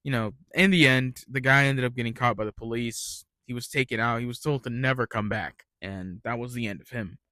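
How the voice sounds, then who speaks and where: A man's voice: mid-range voice, brisk, few pauses, bright, forceful tone, no echo. Young man rambling through retail rants. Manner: rambling, ranting, swears freely. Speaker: retail worker telling stories. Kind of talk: casual storytelling monologue.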